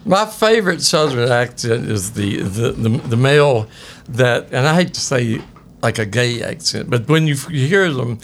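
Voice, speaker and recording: A man's voice: mid-range voice, moderate pace, creaky, slight background noise. A man chatting as a podcast guest, telling enthusiastic, profane stories. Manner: enthusiastic, profane, animated storyteller. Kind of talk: casual chat.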